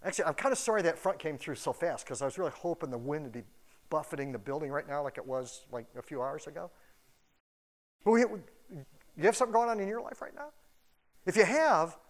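A pastor giving a casual, animated sermon in a church, acting out quoted voices as he goes. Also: on the high side, fairly quick. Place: church building.

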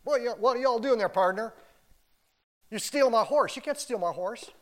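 A man's voice: very high-pitched, normal speed, a bit bright, voice pushed up. A man voicing an indignant Old West cowboy who catches someone stealing his horse, with a twangy drawl.

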